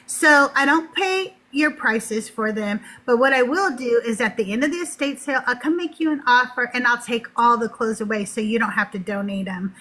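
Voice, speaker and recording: A middle-aged woman hosting a casual chat, spinning a long story with frequent laughs. She acts out the people she quotes as she goes. Her voice sits high, and its tone is bright and sharp. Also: expressive, normal speed, poor audio. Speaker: host.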